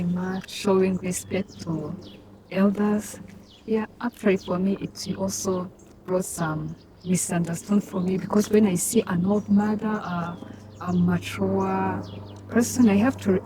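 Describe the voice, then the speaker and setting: Woman student guest, halting, laughing delivery, medium pitch, noisy recording. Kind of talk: casual interview chat. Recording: noisy background.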